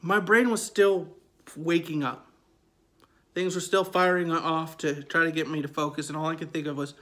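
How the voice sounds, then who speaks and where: A man's voice: fairly high pitch, steady tone, moderate pace, pushed and bright. A man in his forties telling a true ghost story in a conversational, emphatic way, often repeating his phrases. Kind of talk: casual spoken storytelling.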